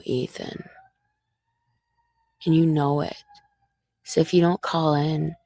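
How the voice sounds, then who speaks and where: A woman's voice: low-pitched, creaky, a little mellow, no room sound, clean studio sound. A young woman delivering a profane, confrontational livestream rant aimed directly at one man.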